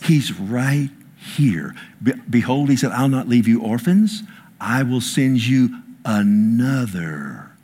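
Male pastor, husky mid-range voice, preaches with big dynamic swings and calls for amens. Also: mid-range voice, lively intonation, takes it slowly. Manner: dramatic preacher, swings from loud declaring to hushed whispers; quotes scripture and asks the crowd for amens. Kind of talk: sermon with audience interaction.

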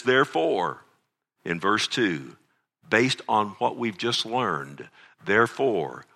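A middle-aged man preaching a sermon, pleading urgently and swinging between loud emphasis and hushed, intimate lines. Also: on the low side, vocal fry.

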